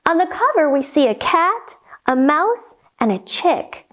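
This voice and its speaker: A woman yoga instructor leading a children's yoga storytime, reading a picture book in a gentle, playful, instructive way. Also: high voice, sing-song, unhurried.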